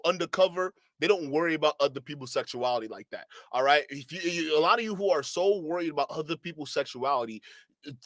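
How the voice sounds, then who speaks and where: A man's voice: a little high, fairly bright tone, no room sound. A man streaming live reaction commentary, laughing constantly and repeating himself in disbelief as he talks to his chat.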